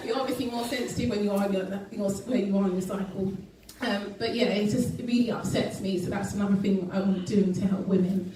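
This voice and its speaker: A woman's voice: medium pitch, fairly even intonation, a little fast, few pauses, noisy background. A woman giving a health talk to an audience at an event, earnest and full of ums and restarts. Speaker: guest speaker. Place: event hall. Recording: echoey hall recorded from far off.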